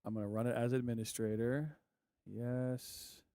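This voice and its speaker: A man talking to himself as he installs music software. He mutters, swears and gets frustrated as it keeps failing. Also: mid-range voice, flat delivery, unhurried. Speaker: music producer vlogger. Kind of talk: casual screen-recording chat.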